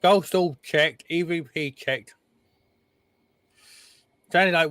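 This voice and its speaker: A man's voice: on the high side, takes it slowly, long pauses, fairly bright tone, smooth, no room sound. A man co-hosting a podcast, chatting casually about recordings, laughing often and trailing off mid-sentence. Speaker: podcast co-host. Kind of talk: casual chat reacting to recordings.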